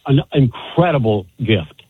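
A man calling into a radio show, speaking with warm, proud appreciation. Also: medium pitch, animated, measured pace, breathy edge. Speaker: caller. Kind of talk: radio call-in talk. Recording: tinny phone line.

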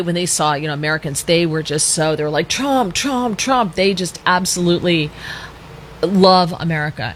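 A woman's voice: on the low side, a bit bright, a little hiss or hum. A middle-aged woman hosting political commentary, chatty and sarcastic, reading quotes aloud and reacting to them. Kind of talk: opinionated commentary.

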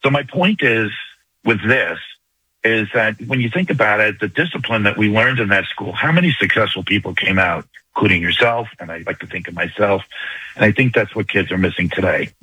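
An older man with a New York accent, calling in to a radio show and making his point fast and urgently. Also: lowish voice, lively intonation, sharp tone, husky, no echo, poor audio. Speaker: caller. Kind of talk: call-in radio talk.

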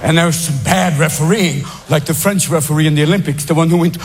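A man doing a manic live stand-up routine on a club stage, shouting and jumping into silly voices. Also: on the high side, fairly even intonation, fast. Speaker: stand-up comedian. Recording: live set with loud crowd and hiss.

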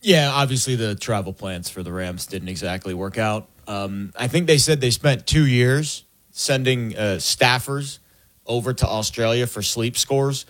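A man's voice: medium pitch, a little slow, fairly bright tone. Rambling, hesitant sports talk co-host man. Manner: rambling, hesitant, with fillers and homely comparisons. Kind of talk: casual sports chat.

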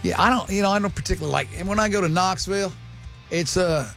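High-voiced gravelly male radio host. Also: fast talker, fairly bright tone, soft background music. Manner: joking, does mocking voices of others. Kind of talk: casual banter.

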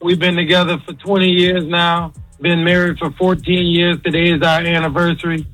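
A man's voice: a little high, flat delivery, moderate pace, fairly bright tone, faint music behind, low-quality recording. A man from Texas calling in to a radio show, talking in a laid-back, proud way. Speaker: caller. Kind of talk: casual call-in chat.

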